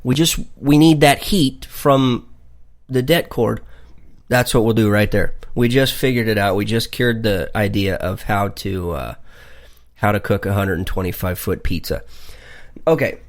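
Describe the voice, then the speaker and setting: A man's voice: lowish voice, a little slow. A man hosting a radio talk show, rambling and joking with many fillers and asides. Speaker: radio host.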